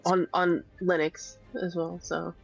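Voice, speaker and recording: Man, tabletop player, flat voice, muffled lo-fi mic, light music behind. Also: high-pitched, slow, creaky, slightly rough. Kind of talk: casual chat.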